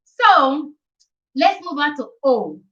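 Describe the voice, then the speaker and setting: An Italian teacher teaches the alphabet on a casual live stream, chatty and repetitive, repeating letters and often checking in with "okay?". Her voice sits high with big pitch swings, and she speaks slowly in a pushed, bright tone. The live-stream audio sounds distant and dull.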